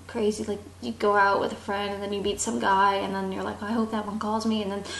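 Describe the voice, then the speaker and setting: A young woman telling a casual travel story, animated and acting out the voices of the people in it. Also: medium pitch, fast, creaky, echoey room. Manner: animated, acts out quoted voices. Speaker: vlogger.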